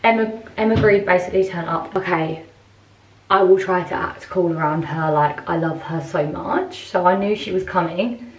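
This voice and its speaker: Speaking at normal speed in a fairly low voice, a vlogger and brand owner in her 20s rambles chattily to her phone camera, leaning heavily on "like." She's recording in a hotel room, set back from the mic, so the audio sounds distant and roomy.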